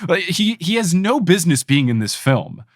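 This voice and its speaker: A young adult man from New Jersey hosting a podcast, chatting casually, animated, laughing often and jumping into high put-on voices. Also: moderate pace, no room sound, studio quality. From New Jersey, USA. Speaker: podcast host. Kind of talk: casual chat.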